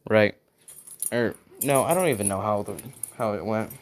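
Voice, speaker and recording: A man's voice: on the low side, moderate pace. A man at home casually retelling a fan story, rambling with fillers and asking "right?" along the way. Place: at home with his dog.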